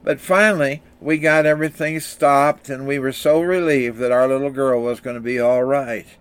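A man's voice: mid-range voice, steady tone, moderate pace, clear, resonant tone. An older man preaching a sermon, reading scripture and telling anecdotes in an earnest, storytelling way. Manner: earnest, storytelling delivery with small restarts. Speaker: pastor.

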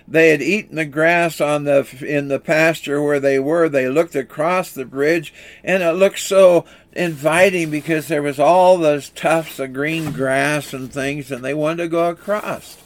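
A man preaching a sermon and telling a folk story, earnest and plain-spoken, with halting restarts. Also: a little high.

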